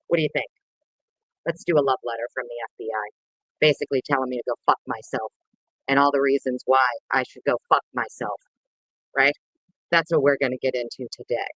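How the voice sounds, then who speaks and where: A woman's voice: fairly bright tone, no room sound, rough recording. A woman hosting a casual livestream, greeting viewers by name in a playful, sing-song way. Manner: bursts of sing-song and squeaky voices. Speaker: livestream host.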